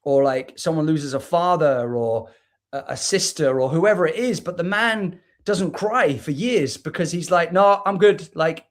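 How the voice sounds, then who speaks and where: A man's voice: fairly high pitch, measured pace. A British man from the United Kingdom, a spoken word artist talking as a guest on a livestream over a video call, earnest and reflective, often restarting his words. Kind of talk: candid conversation on a livestream.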